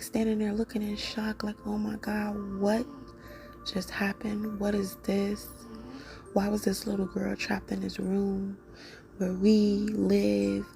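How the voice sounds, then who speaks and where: Woman, whispered dream retelling, gravelly fry, flat monotone, faint music behind. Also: medium pitch. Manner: soft unvoiced whisper, many fillers. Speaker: vlogger.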